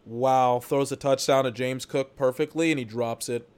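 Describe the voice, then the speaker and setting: A man's voice: mid-range voice, fairly even intonation, moderate pace, darkish tone, smooth. A man giving rambling, exasperated commentary while he watches a football game for his podcast, swearing now and then. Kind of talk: live watch-along commentary.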